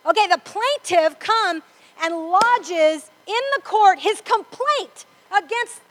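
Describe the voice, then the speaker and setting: A woman's voice: very high-pitched, lively intonation, slow, a bit bright, poor audio. A woman preaching to a congregation, emphatic and repetitive, often asking "Amen?". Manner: emphatic, repeats for stress, asks the congregation "Amen?". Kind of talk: sermon. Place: church before a congregation.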